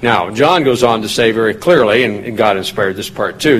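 A man's voice: moderate pace, few pauses, slightly rough, rough recording. Man teaching a casual Bible study. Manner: conversational, rises in pitch when reading quoted lines. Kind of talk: informal Bible study talk.

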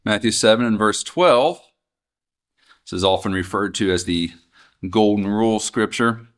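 A man's voice: fairly low pitch, a little slow. A man teaching from the Bible in a casual, conversational way, often asking his listeners questions. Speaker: preacher.

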